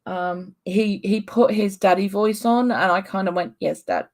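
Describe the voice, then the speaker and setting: A woman talks at an unhurried, slow pace on a casual livestream, rambling comfortably and answering viewer comments as she goes. Her pitch sits in an ordinary middle range, and her talk is filled with frequent ums. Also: steady tone, a little mellow. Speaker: livestream host chatting with viewers. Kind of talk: casual live-stream chat.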